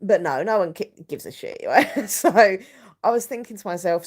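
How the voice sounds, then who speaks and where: A woman's voice: mid-range voice, expressive, normal speed, slightly rough. A woman hosting a live stream, talking in a rambling, emotional, confiding way with many fillers.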